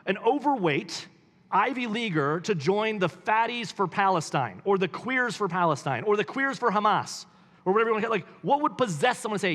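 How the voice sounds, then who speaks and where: A man reads passages from a book and stops to comment on them. His voice sits a little high, and he asks pointed rising questions between the quotes. A long reverb tail hangs behind his words. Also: animated, brisk, a bit bright. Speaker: pastor. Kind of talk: live book reading with commentary.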